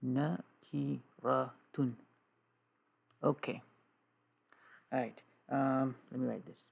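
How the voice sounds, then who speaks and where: A man teaching an Arabic grammar lesson, slow and repetitive, drilling terms with many "okay"s. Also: mid-range voice, flat delivery, vocal fry, breathy edge. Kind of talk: classroom lesson with writing.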